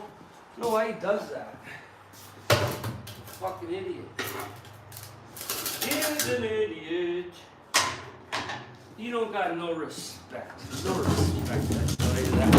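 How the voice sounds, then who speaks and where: A man talking crudely and jokingly to himself while working on a skid steer in his shop, grumbling and ranting as he goes. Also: sits high. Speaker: vlogger. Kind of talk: casual workshop vlog. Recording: roomy and distant, noisy background.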